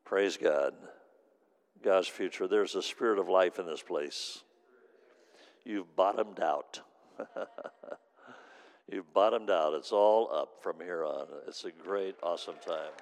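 Male preacher, very deep and gravelly, earnest sermon delivery in a church. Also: unhurried. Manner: speaks in tongues, then earnest testimony; quiet, heartfelt storytelling.

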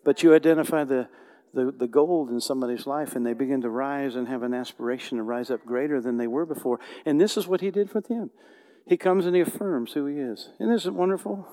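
Male pastor, passionate sermon delivery, hushed-to-loud swings, church reverb. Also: medium pitch. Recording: long hall reverb.

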